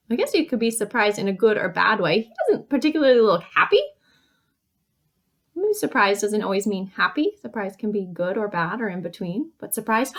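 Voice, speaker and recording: A woman teacher reading a picture book to young children, acting out each feeling with gasps, sighs and shouts. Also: a little high, expressive, a little fast.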